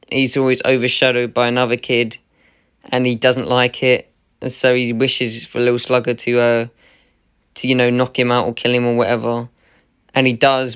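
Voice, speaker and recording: A man with a smooth, clear voice at a middle pitch, talking through a casual spoken review. He sounds chatty and enthusiastic as he ranks the works he covers. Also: fairly bright tone. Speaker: anime reviewer.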